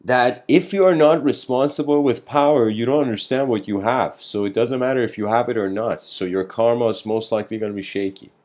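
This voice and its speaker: A man's voice: mid-range voice, brisk, few pauses, darkish tone. A man talks through big ideas in a casual, meandering monologue. He stumbles over his words, restarts sentences and breaks into laughter between thoughts. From Iran. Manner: rambling, lots of fillers and restarts, laughs often. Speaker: speaker giving a philosophical talk.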